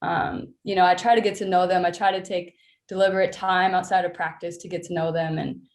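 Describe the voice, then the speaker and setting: A woman basketball coach joins a podcast as a guest. Her somewhat low voice carries a roomy echo. She speaks earnestly, with gentle laughs and thinking pauses. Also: little pitch movement. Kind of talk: casual interview chat.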